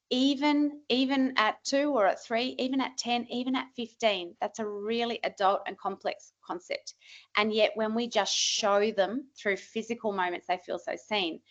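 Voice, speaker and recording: A woman, a parenting expert, giving a lively, emphatic presentation to parents. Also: a little high, normal speed, muffled recording.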